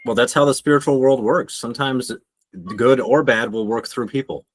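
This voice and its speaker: A man's voice: mid-range voice, moderate pace, dry recording. A man co-hosting a podcast, talking reflectively about spiritual things with a few restarts. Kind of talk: casual podcast chat.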